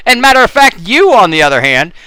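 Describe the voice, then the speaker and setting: A man's voice: high voice, sing-song, moderate pace, sharp tone, clear, resonant tone, dry recording. A man hosting a live comedy stream, rambling playfully. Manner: rambling, playful, lots of silly voices.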